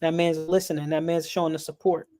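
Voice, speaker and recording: Guy talking earnest on a stream, kinda high voice, pretty flat tone, says and and and a lot. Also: fast. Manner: earnest, repeats words while searching for them. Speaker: speaker on a sports and mental health stream. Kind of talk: earnest personal talk.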